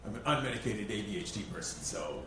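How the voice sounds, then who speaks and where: Animated man doing stand-up, roomy club. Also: on the low side, fast, slight background noise. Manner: animated, self-mocking, swears freely. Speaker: stand-up comic. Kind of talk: stand-up comedy set. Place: comedy club stage. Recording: roomy live-club sound, mic heard from a distance. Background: audience laughter.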